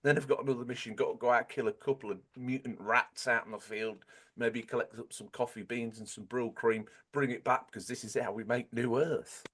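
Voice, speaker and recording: A man putting on a hyped-up Cockney voice as an overexcited, cocky young man, shouting and making sound-effect noises. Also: medium pitch, steady tone, fairly quick, breathy edge.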